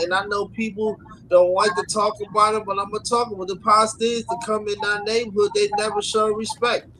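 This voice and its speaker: A man's voice: high voice, fairly bright tone, slight background noise, low-quality recording. A man with a New York accent, talking emphatically in a casual podcast discussion and often stammering and repeating words.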